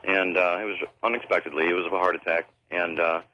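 A man calling in to a radio show, telling a personal story haltingly with many fillers. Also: low-pitched, fairly even intonation. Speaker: caller. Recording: muffled phone line.

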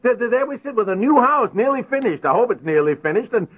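An actor playing a flustered, anxious homeowner who stammers and gets exasperated, in 1950s radio acting style. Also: male voice, extremely high pitch, animated, fast talker, slightly rough, full character voice. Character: flustered anxious male homeowner, middle-aged. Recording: tinny old radio broadcast recording.

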